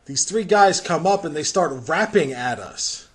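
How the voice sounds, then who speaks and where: A man's voice: fairly high pitch, animated, a little slow, fairly bright tone, a little hiss or hum. An American man hosting a podcast, telling a rambling story in casual chat and laughing through it. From United States. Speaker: podcast host.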